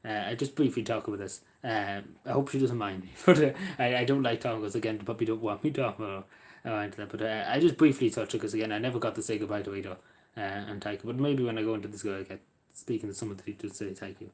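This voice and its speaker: Low-ish, fast, and a little mellow, the voice belongs to a young Irish man reading chat during a live stream. His talk is casual and rambling, full of stumbling restarts, and he greets viewers by name.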